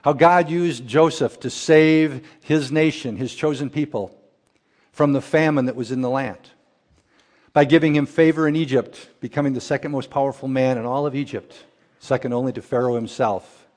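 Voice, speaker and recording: A man's voice: medium pitch, fairly even intonation, moderate pace, darkish tone. A middle-aged man preaching a sermon as pastor, folksy and storytelling in manner. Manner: folksy storyteller, acts out characters in a joke. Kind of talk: sermon with a told joke.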